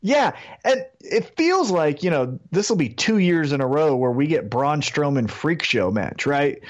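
A man's voice: a little high, sing-song, a little slow, muffled recording. A man co-hosting a wrestling podcast, ranting animatedly with plenty of swearing in casual chat. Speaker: podcast co-host.

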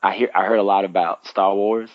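Man, 30s, low-pitched, lively casual storyteller; dry, slightly muffled recording. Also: brisk, no room sound. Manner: animated, acts out his own past reactions with big pitch jumps.

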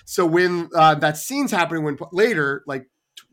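A man co-hosting a casual film review podcast, retelling scenes with quoted lines and lively storytelling. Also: fairly high pitch, moderate pace. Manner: animated storytelling with quoted voices. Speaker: podcast co-host.

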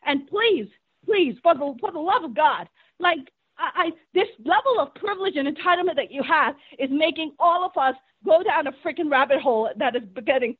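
Angry immigrant woman comedian cursing nonstop, really high voice swinging all over, tinny dry phone line. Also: expressive, fairly quick, no echo. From born in a third-world country, immigrant to the US. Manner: angry, profane, shouting over the host. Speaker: guest comedian. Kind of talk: heated argument.

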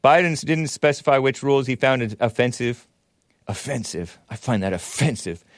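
A man's voice: mid-range voice, lively intonation, normal speed, no room sound, studio quality. A man hosting a show, giving sarcastic, mocking commentary on the news. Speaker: host.

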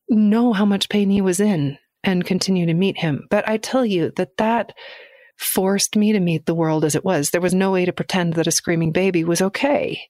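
A woman's voice: mid-range voice, a little mellow, dry recording, studio quality. A middle-aged woman speaking candidly and earnestly as a podcast guest, laughing easily as she reflects. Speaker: guest poet.

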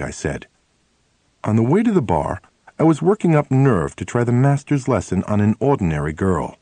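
A man narrating a first-person memoir as an audiobook, telling the story in a lively, expressive way on a close mic. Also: on the low side, normal speed, no room sound.

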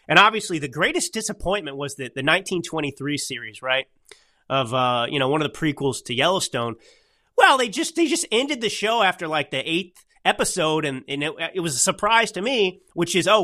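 Young male podcast host, bright slightly high voice, rambling emphatic monologue. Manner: rambling, emphatic, with restarts and asides. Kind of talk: casual political commentary monologue.

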